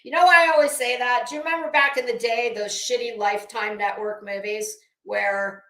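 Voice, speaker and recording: A woman's voice: fairly high pitch, fairly even intonation, a little fast, pushed and bright, roomy sound. A woman hosting a casual live commentary stream, chatting with viewers in a gossipy, sarcastic way and laughing often. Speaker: YouTube commentary host.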